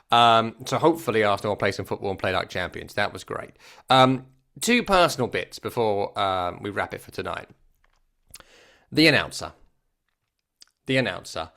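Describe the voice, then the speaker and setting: A man's voice: on the low side, normal speed, fairly bright tone. A man hosting a football podcast, giving a casual, wry match review and repeating phrases for emphasis. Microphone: works regularly on a microphone.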